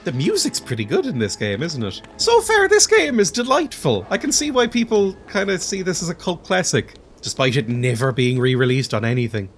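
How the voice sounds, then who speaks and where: Man, let's play host, casual gameplay commentary, self-mocking, lively mid-pitched voice. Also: a little fast, hardly any pauses, faint music behind. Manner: chatty, self-mocking, laughs often.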